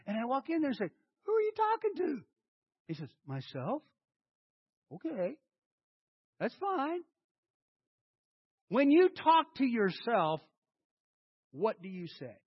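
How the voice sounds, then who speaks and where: A male pastor preaching in a high voice, acting out his own inner dialogue. His pitch swings widely from one phrase to the next. The recording sounds dull and lo-fi. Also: big pitch swings, slow pace, pauses often, breathy edge. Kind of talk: sermon.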